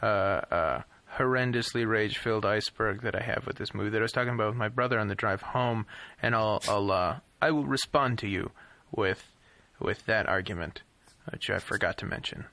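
A man's voice: on the low side, a little fast, creaky, bright, forceful tone, no echo. A man co-hosting a casual movie-review chat, arguing his point in wordy, profane phrasing.

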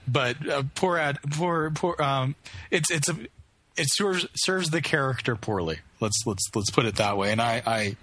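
A man of middle pitch co-hosts a casual podcast chat. He rambles and restarts his sentences often as he tells a story. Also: normal speed, bright, forceful tone, no echo. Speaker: podcast co-host.

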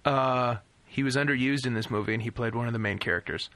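A man's voice: mid-range voice, fast talker, a bit bright, no echo. A man co-hosting a casual podcast, talking in a dry, sardonic way. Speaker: podcast co-host. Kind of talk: casual chat, reading film credits.

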